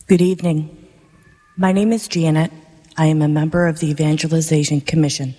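A woman parishioner reading her personal faith testimony aloud in a sincere, measured, gentle way. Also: low-pitched, husky. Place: large church. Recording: long church reverb.

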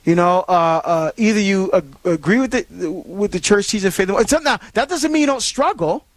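A man's voice: high voice, animated, normal speed, no room sound. A man hosting a call-in radio show, preaching earnestly and rambling with many fillers and restarts.

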